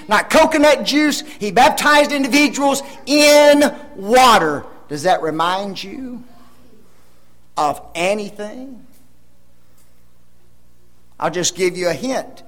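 High-voiced emphatic male preacher. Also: rough recording. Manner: emphatic, rhetorical questions, swings from loud to soft. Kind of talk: sermon.

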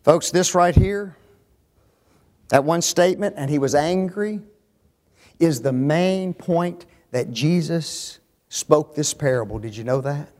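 A man preaching a sermon, dropping to near whispers and rising to shouts, asking the congregation rhetorical questions. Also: a little high, slow. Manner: emphatic, swings from hushed to shouting, rhetorical questions.

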